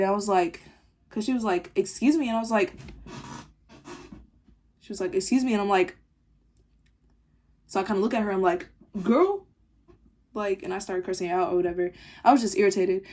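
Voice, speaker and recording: Irritated teen girl ranting, mellow voice. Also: mid-range voice. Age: teens. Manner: irritated, rambling, slangy. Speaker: vlogger. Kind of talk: casual storytime rant.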